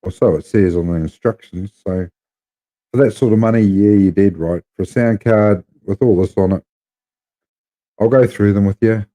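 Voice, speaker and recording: A New Zealand man talks to his viewers in a loose, rambling way, blunt and unpolished. His voice sits a little low, with a dark, mellow tone. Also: normal speed. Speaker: live streamer. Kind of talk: casual chat to viewers.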